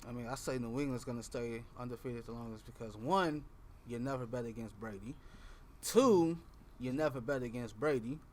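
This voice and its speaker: Young male co-host, mid-pitched, punchy, hammers points by repeating them. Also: moderate pace, a little mellow, a little hiss or hum. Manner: emphatic, repeats points for effect. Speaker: podcast co-host. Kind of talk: casual sports talk. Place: campus TV studio.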